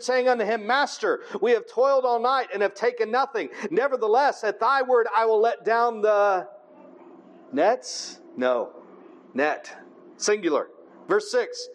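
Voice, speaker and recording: A man with a notably high voice delivers a sermon. He reads scripture aloud, then explains it in plain, conversational terms, often stopping to ask his listeners "right?". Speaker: preacher.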